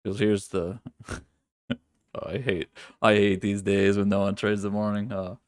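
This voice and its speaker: Low-voiced man hosting a trading stream. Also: no echo, studio quality. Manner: casual, profane, thinks aloud with many restarts. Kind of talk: live market commentary.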